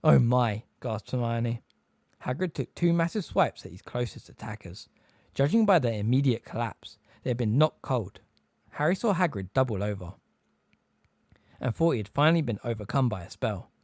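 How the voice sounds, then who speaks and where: Speaking at a normal pace in a mid-range voice, a male narrator brings energy and expression to an audiobook. The close-miked recording is completely dry.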